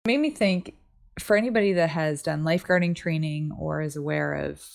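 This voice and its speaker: Woman with a really low gravelly voice, calm reflective podcast talk. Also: brisk. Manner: reflective, explains calmly with examples. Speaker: podcast co-host. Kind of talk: casual faith podcast chat.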